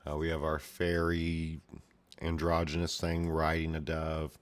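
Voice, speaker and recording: Laid-back guy with a deep voice reading a comic on his channel, mumbly asides. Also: monotone, unhurried. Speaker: video host reading a comic. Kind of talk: casual comic read-along commentary.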